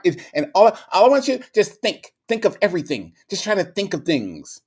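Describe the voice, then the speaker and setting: A man's voice: on the high side, very animated, a little slow. A man hosting a channel, giving mocking commentary and repeating words for emphasis. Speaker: channel host.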